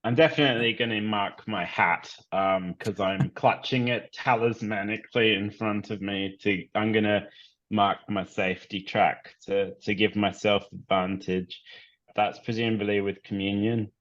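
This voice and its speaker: A man playing a tabletop game, talking casually and haltingly about his moves. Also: on the low side, steady tone, a bit bright, dull audio. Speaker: player.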